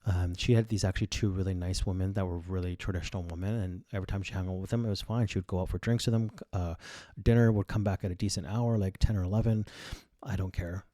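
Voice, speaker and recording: This thirties-aged man hosts a podcast and spins a crude, boastful, expletive-heavy yarn in a blunt, casual monologue. He talks fast with hardly any pauses, in a low, dark voice with fairly even intonation, recorded without room sound.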